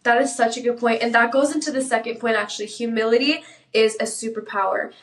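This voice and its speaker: A woman in her twenties hosting a casual chat, affirming and quick to agree. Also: on the high side, steady tone. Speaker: host. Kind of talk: casual conversation. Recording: roomy sound, distant from mic.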